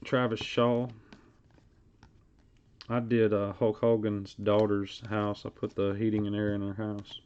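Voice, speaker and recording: A man's voice: fairly low pitch, little pitch movement, measured pace, pauses often, darkish tone, clean tone. A man hosting a live card break stream. He talks in casual, rambling asides and reads card names aloud as he goes. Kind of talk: casual live-stream chat while opening card packs. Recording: dull lo-fi stream audio.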